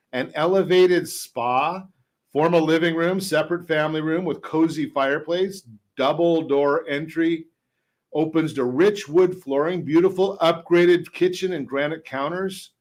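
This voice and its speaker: A man hosting a casual radio talk show on homes and mortgages, chatty and a little halting, with dry asides. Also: on the high side. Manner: chatty, stumbles over words, drops dry jokes. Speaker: radio host and mortgage expert.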